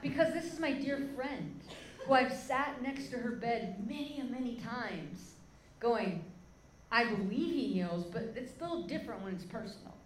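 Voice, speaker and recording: A woman's voice: on the high side, expressive, unhurried, slight background noise. A woman preacher telling a heartfelt story from the pulpit, her voice rising with feeling as she speaks to the crowd. The sound carries a roomy echo with faint background ambience. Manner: emotional storytelling, addresses crowd as "guys". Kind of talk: sermon testimony.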